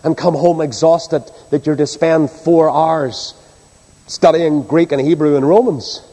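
A man's voice: on the high side, fairly even intonation, measured pace, warm tone. A man preaching a sermon, asking the congregation rhetorical questions. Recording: long hall reverb.

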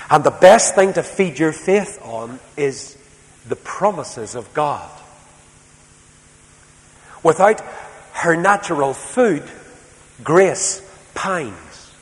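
A man preaching a sermon as a storyteller, moving between soft, quiet passages and loud, emphatic ones. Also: on the high side, expressive, slow pace, pauses often. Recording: reverberant hall, faint background noise.

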